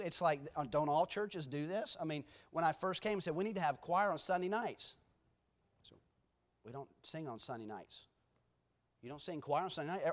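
A man speaking as a guest preacher in a church, telling rambling, self-deprecating stories with many restarts before his sermon. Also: fairly high pitch. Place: church sanctuary.

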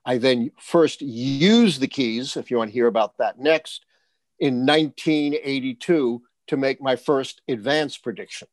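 A man's voice: mid-range voice, unhurried, no room sound. Older man telling stories with punch. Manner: lively storyteller, punchy asides. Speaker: guest, election forecaster. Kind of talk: storytelling interview answers.

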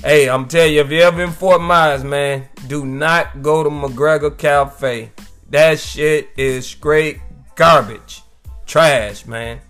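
A man's voice: on the high side, steady tone, takes it slowly, fairly bright tone, soft background music. A man hosting his own weekly podcast, ranting casually with loose, profane jokes and frequent "you know what I'm saying.". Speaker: podcast host. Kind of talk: casual solo podcast rant.

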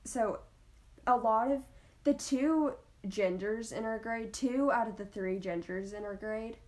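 Excitable teenage girl chatting. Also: fairly high pitch, a little slow. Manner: giggly, excitable, talks over her friend. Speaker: podcast co-host. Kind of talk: casual chat.

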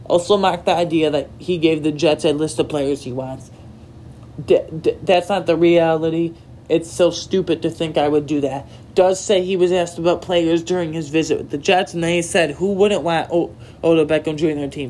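A man's voice: fairly high pitch, steady tone, brisk, a little mellow, slight background noise. A man giving a casual, opinionated solo recap of sports news, reading posts aloud and reacting with rambling asides. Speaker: sports commentator.

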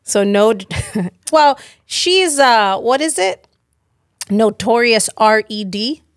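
A woman's voice: a little high, expressive, takes it slowly, no room sound, clean studio sound. A woman pastor co-hosting a podcast in casual chat, playful and teasing, laughing often.

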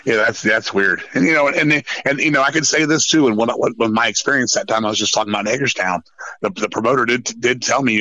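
A man from Virginia who fronts a metal band, telling road stories as a podcast guest in a rambling, profane, animated way. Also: medium pitch, fast talker, muffled recording. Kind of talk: casual storytelling chat.

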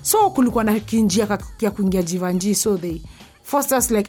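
A young woman, candidly telling a personal story and dropping to a hushed voice when it gets frightening. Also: mid-range voice, animated, a little fast, breathy edge. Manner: candid, intense, drops to a hushed voice at scary parts. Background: faint music.

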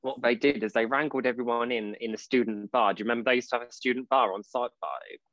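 A man's voice: medium pitch, steady tone, fast, a bit bright, no echo. Man, casual podcast chat, chatty storyteller, dry close sound, slightly muffled. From Portsmouth, England. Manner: chatty storyteller, calls his partner babe, acts out voices in quotes.

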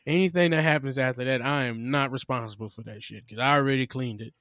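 A man's voice: medium pitch, fast talker, fairly bright tone, dry recording. Male podcast co-host, casual storyteller who curses and plays out every line of a spat, medium voice, dry close sound. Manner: profane storyteller who acts out both sides of arguments. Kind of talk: casual chat.

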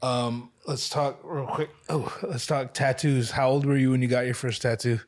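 A man's voice: medium pitch, fairly even intonation, normal speed. A man in his thirties hosting a casual chat, telling stories in a laid-back, slangy, profane way. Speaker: podcast host.

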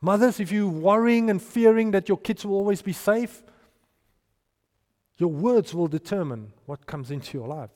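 A man preaching a sermon, animated and storytelling, with restarts and hushed asides. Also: high voice. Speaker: pastor. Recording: long hall reverb.

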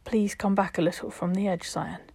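An earnest, anxious young man from a storybook, speaking softly and urgently, as a woman reads him in her own lowish voice. The sound is close and dry. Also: steady tone, normal speed, gravelly, breathy edge, dry recording. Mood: pleading. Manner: soft, urgent, pleading.

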